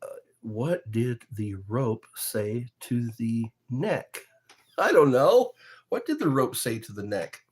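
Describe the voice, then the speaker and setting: A man's voice: medium pitch, animated, slow. A man hosting a livestream, chatting casually and drifting from topic to topic with chuckles. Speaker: livestream host. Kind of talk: rambling casual livestream chat.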